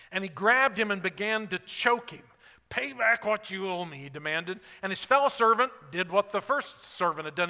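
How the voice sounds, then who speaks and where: A man preaching a sermon as pastor, rising to emphatic peaks and dropping to quiet asides. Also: high voice, in a large hall.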